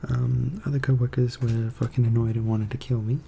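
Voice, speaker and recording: Dark, gravelly young man in soft-spoken ASMR. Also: medium pitch, steady tone, brisk, a little hiss or hum. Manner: meandering, with many fillers. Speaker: ASMR creator.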